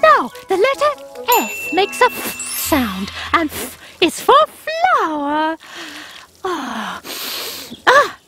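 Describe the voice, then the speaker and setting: Soo, a squeaky panda puppet. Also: female voice, wildly swooping pitch, drawn-out words, bright, forceful tone, heavily acted. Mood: coaxing. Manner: schoolteacherly, patiently coaxing. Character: cheerful bossy female panda puppet. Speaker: children's show puppet character. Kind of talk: children's TV puppet acting. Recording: music bed under the voice. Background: music.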